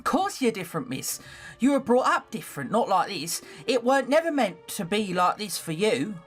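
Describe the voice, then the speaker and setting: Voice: medium pitch, sing-song, normal speed, soft background music, pitched above the performer's own voice. A streamer voicing an eager, loyal young female scullery maid with a London working-class accent, reading a visual novel aloud. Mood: reassuring. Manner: doting, reassuring.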